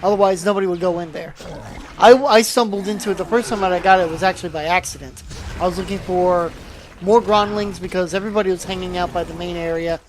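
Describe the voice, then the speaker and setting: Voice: mid-range voice, fairly even intonation, quick pace, a little hiss or hum. Tired, rambling gameplay commentator. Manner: rambling, with frequent restarts and trailing asides. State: tired, yawning. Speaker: channel host.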